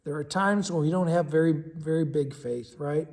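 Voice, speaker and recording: A man with a high voice gives a relaxed Bible devotional. He talks in a conversational way, breaking off and restarting his sentences. His voice rings with a long reverb. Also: normal speed. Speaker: pastor. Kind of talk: casual devotional talk.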